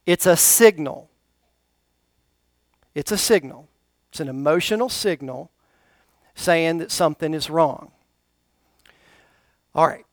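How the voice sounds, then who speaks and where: High, smooth-voiced preacher man. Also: a bit bright, dry recording, clean studio sound. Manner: call-and-response preaching, questions to the congregation. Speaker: pastor. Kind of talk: sermon. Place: church service.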